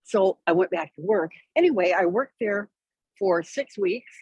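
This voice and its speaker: A woman guest tells a story with a wry, lively delivery, slipping into the voices of the people she quotes. Her voice is husky and a little breathy. The sound is dry and close, with no room around it. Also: medium pitch, unhurried, no echo, low-quality recording. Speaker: interview guest. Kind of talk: conversational storytelling.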